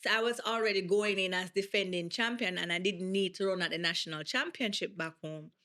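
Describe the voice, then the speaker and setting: A Jamaican woman speaks as an interview guest with a bright, forceful tone. She tells her story with energy and emphasis, often slipping into patois. She sounds like she is in her thirties. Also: medium pitch, fairly quick. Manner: animated, emphatic, slips into patois. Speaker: guest athlete.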